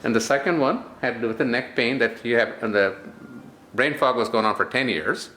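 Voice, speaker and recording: A man's voice: medium pitch, a little fast, sharp tone, echoey room, a little hiss or hum. A man interviewing a patient, asking short questions and answering with okay and mm-hmm. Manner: brief prompts, okay and mm-hmm. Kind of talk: casual interview.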